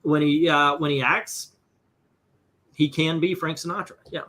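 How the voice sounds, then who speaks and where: Comics host, man, bright tense voice, loose rambling chatter, swears often. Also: a little high, steady tone, measured pace. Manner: rambling, profane, lots of fillers. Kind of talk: casual livestream chat.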